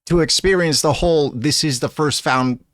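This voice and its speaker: A man's voice: a little high, moderate pace, noisy background. A young man streaming live, rambling and joking in an irreverent, offhand way. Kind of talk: casual live-stream chat.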